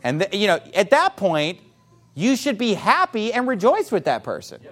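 A man with a high voice, talking at normal speed, instructs church members on speaking with people about salvation. He's lively throughout, taking on different voices as he acts out the quoted replies.

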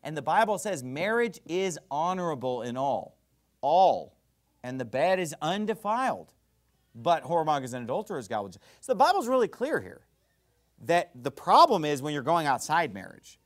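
A man preaching a sermon as pastor, fiery and emphatic, swinging between loud bursts and quiet asides. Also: fairly high pitch, sing-song, normal speed.

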